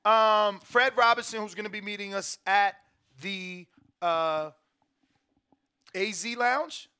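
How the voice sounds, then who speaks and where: Young male podcast host, bright tense voice, loose slangy banter. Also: high voice, clear, resonant tone. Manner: slangy, argumentative, quick back-and-forth. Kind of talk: casual chat.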